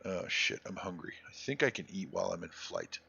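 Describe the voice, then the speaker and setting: A man's voice: deep voice, big pitch swings, fairly quick, creaky, sharp tone, muffled recording, slight background noise. A man chatting casually and bluntly while streaming a video game, rambling with restarts and crude language. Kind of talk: casual live-stream gaming chat.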